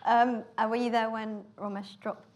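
A woman hosting an interview, asking brisk questions to keep her guests talking. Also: a little high, little pitch movement.

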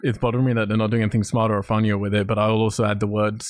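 A man's voice: fairly low pitch, flat delivery, racing, dry recording. Male podcast co-host, blunt and sweary, dry recording. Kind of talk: casual film review chat.

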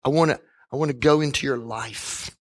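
A man voicing Jesus as a calm, patient teacher speaking earnestly to a woman in a retold story. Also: medium pitch, normal speed, lightly acted. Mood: probing.

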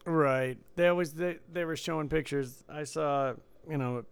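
Easygoing man with a gravelly voice. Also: fairly high pitch, moderate pace. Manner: easygoing, laughs often, rambling. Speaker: podcast co-host. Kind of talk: casual chat. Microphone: podcast microphone.

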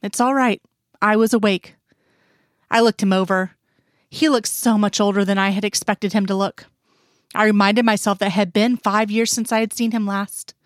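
A woman's voice: mid-range voice, level tone, normal speed, dry recording. Woman reading a story, dry close sound. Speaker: reader. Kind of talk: scripted narration of a story.

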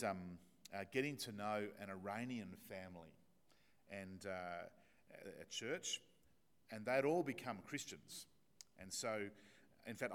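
A man with an Australian accent, a pastor giving an evening sermon with a prayer, telling stories in a conversational, self-deprecating way with many fillers. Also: low voice. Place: church.

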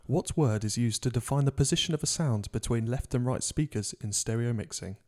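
Man, podcast host and quizmaster, jokey, mid-pitched voice. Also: brisk, a little mellow. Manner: jokey, laughs often, reads questions out. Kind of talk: casual podcast quiz.

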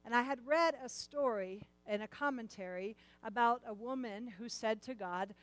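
A middle-aged woman telling a personal story in a sermon, animated and repeating words as she acts out lines. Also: fairly high pitch, normal speed, hardly any pauses, rough recording.

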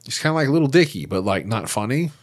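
A man's voice: medium pitch, big pitch swings, fast talker. A man hosting a podcast in a casual monologue, joking and swearing freely. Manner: profane and joking. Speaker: podcast host.

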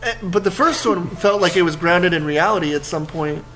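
A man co-hosting a podcast, chatting casually and telling animated, swear-heavy stories. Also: high-pitched, normal speed. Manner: swears a lot, animated storytelling. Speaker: podcast co-host. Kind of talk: casual chat.

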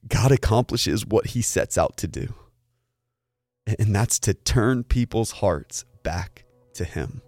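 Low-voiced earnest pastor telling a story. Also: male voice, animated, takes it slowly, a little mellow, no echo, clean studio sound. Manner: earnest, often repeats words as he restarts. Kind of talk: sermon storytelling.

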